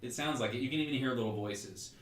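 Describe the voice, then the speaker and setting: A man's voice: mid-range voice, quick pace, roomy sound, a little hiss or hum. A man narrating as game master of a tabletop game, in a casual, rambling way full of fillers.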